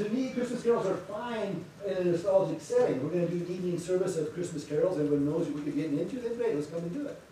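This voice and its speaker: A man's voice: high-pitched, a little hiss or hum. Chatty male pastor in echoey sanctuary. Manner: chatty, animated storytelling. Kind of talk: church announcements before a sermon. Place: church sanctuary. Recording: echoey sanctuary, distant mic.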